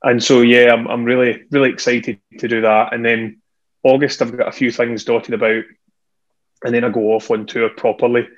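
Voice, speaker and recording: A Scottish man talks from home through an earphone on a video call, a singer in casual chat. He is self-deprecating and laughs often, with a mid-range pitch. The call audio sounds dull and lo-fi. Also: little pitch movement, normal speed. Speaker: singer and guest. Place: at home indoors. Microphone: earphone headset on a video call.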